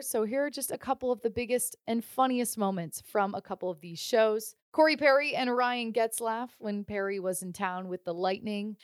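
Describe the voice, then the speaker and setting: Woman host, scripted intro, upbeat and brisk, fairly high voice, dry close sound. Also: no room sound. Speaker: podcast host.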